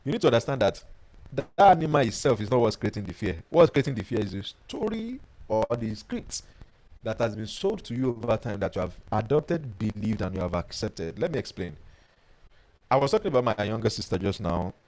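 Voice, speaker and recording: A man, a life coach teaching a webinar and telling personal stories in an animated way. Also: lowish voice, a little fast, rough recording. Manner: animated storyteller who reads out viewer comments.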